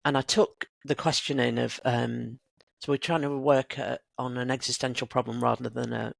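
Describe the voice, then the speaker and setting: A woman's voice: very deep voice, normal speed, vocal fry, no room sound. A woman in her sixties, a guest creative coach, talking reflectively and telling stories in a casual conversation. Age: 60s. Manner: reflective, animated storyteller.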